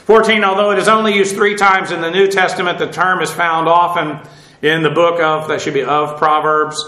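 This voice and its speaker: A man's voice: a little high, fairly even intonation, normal speed, pushed and bright, reverberant, rough recording. A man preaching a sermon in a conversational way, often asking his listeners questions. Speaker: pastor.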